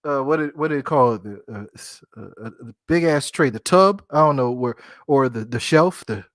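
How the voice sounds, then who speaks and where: A man talks through a casual solo podcast, joking and laughing at himself as he goes. His pitch swings widely from low to high, and the close mic sounds dry, with no room echo. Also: expressive, moderate pace. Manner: playful, jokey, laughs at himself. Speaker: podcast host.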